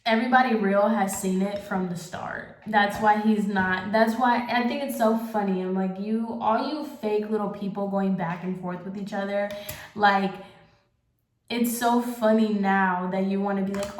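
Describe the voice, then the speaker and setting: A woman's voice: mid-range voice, fairly even intonation. A young woman vlogger ranting in casual commentary, exasperated and sarcastic. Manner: exasperated, sarcastic, fast asides. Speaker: beauty vlogger. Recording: echoey room.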